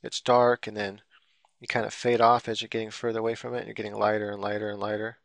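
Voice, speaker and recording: A man's voice: on the low side, monotone, fast, vocal fry, a bit bright, no room sound, clean studio sound. A man giving a casual, rambling drawing tutorial while he works on screen, full of fillers and loose explanations. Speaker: drawing instructor.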